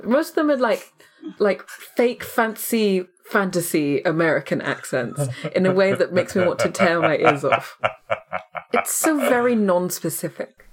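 A woman's voice: fairly low pitch, big pitch swings, unhurried, husky. A woman chatting casually on a podcast, blunt and swearing often.

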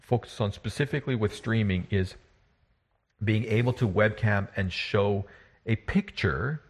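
Man, game master type, husky and fairly low, loose rambling podcast chat. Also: measured pace. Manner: rambling, restarts often, laughs while talking. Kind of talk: casual chat.

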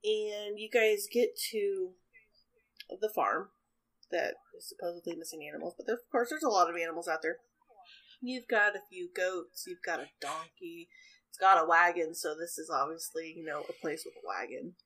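A woman's voice: fairly low pitch, moderate pace, fairly bright tone, poor audio. A woman narrating a tabletop role-playing game as game master, chatty and rambling, often laughing.

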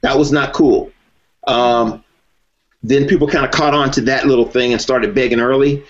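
A man guesting on an interview, speaking at a mid-range pitch. He talks in a measured, easygoing way, leaning on "you know" as he explains. The recording is dull and lo-fi. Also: steady tone. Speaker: guest, former reality race contestant. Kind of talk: conversational interview.

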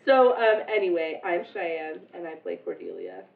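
A woman's voice: fairly low pitch, huge pitch swings, normal speed, creaky. A woman who is sick, hosting a casual podcast chat with friends and laughing often. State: sick, congested. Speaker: podcast host and player. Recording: echoey room, distant mic, phone-like sound.

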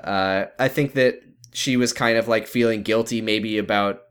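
A man's voice: fairly low pitch, steady tone, moderate pace, fairly bright tone, clear, resonant tone. A man co-hosting a casual podcast, recapping a TV episode with sarcasm and exasperation. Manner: sarcastic, exasperated, swears freely. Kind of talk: casual chat.

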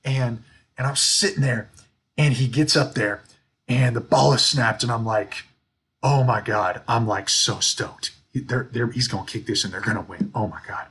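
A man co-hosting a sports podcast, telling stories in an animated, ranting way. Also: mid-range voice, normal speed, slight background noise. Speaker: podcast co-host. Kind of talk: casual sports chat.

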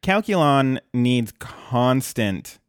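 A man's voice: mid-range voice, animated, drawn-out words, smooth, dry recording, studio quality. A man co-hosting a podcast, chatting casually about a cartoon episode, enthusiastic and often laughing. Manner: enthusiastic, laughs often, quotes lines with a grin. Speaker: podcast co-host.

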